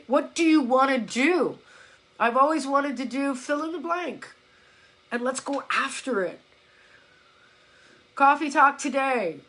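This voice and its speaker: A woman with a high, bright voice coaches her viewers on a live stream. She talks bluntly and with emphasis, curses offhandedly, and mimics the excuses people give her. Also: poor audio. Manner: blunt, emphatic, swears casually, acts out followers' complaints. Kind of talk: casual motivational live-stream talk. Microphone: phone or laptop.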